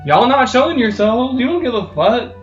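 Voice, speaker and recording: A man from California, a game streamer, delivering a heated, profane rant on his live stream that swings between loud outbursts and low muttering. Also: sing-song, moderate pace, dull audio. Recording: echoey room with faint music.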